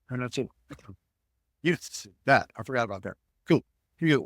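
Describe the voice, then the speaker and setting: A man's voice: medium pitch, expressive, moderate pace, long pauses, dry recording, clean studio sound. A middle-aged man, a podcast guest, telling a long story in conversation and acting out the other people's lines in his own voice. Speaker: podcast guest, ticket broker.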